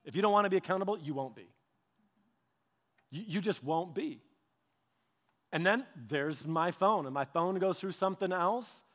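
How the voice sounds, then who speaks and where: A man preaching a sermon, telling stories with lively repetitions and restarts. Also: high-pitched, normal speed, pauses often. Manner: animated storytelling with repetitions and restarts. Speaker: pastor. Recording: long hall reverb.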